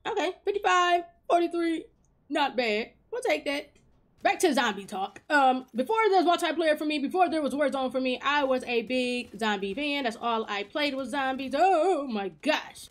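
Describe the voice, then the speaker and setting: A woman hosting her own gaming channel, giving chatty, excitable commentary over her gameplay and talking straight to her viewers. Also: high-pitched.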